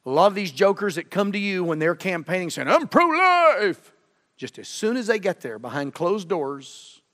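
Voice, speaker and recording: A middle-aged man preaching a sermon as a guest preacher, fervent, swinging from loud emphasis to low, earnest tones. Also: animated, a little fast. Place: church sanctuary. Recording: long church reverb.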